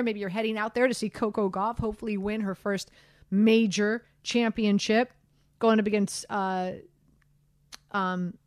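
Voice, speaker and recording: Woman sports radio host, kinda high voice, rambly and animated, dry studio sound. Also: dry recording. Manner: animated, chatty, self-deprecating, many fillers. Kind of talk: casual sports talk chat.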